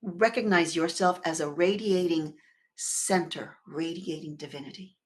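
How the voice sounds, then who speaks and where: A woman minister giving a sermon in a conversational, expressive way, swelling and dropping her volume and leading the congregation in repeating words together. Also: on the low side, unhurried, slight background noise. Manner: expressive with sudden swells and drops in loudness.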